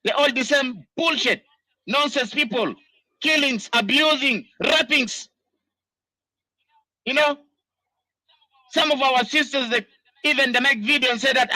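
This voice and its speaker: A man's voice: very high voice, unhurried, pauses often, bright, forceful tone, no room sound, rough recording. A man from Sudan, delivering an angry, impassioned political monologue full of repeated "you know"s. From South Sudan. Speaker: diaspora political commentator.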